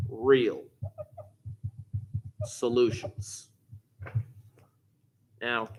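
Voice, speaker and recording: A man's voice: mid-range voice, a little mellow, slight background noise. A man teaching a class, explaining step by step and repeating key points, recorded in a classroom. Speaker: math teacher. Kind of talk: classroom lecture.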